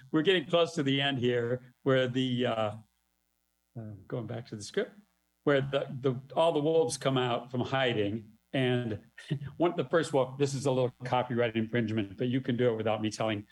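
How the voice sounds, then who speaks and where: A man presenting a music-teacher webinar, explaining a children's musical in an animated, chuckling way. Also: mid-range voice, normal speed. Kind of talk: casual webinar walkthrough.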